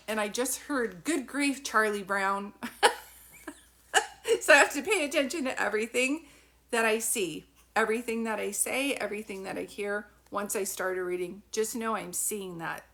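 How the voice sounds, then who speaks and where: A woman's voice: a little high, fairly bright tone. A middle-aged woman giving a live-stream psychic reading, talking in a chatty, encouraging way with many fillers and restarts. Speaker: psychic medium.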